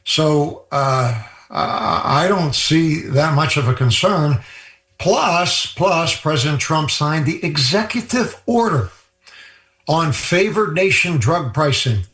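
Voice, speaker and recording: A man from Ireland, a guest on a radio show, calmly explaining drug prices in a matter-of-fact way. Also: fairly high pitch, slow, roomy sound. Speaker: healthcare cost guest.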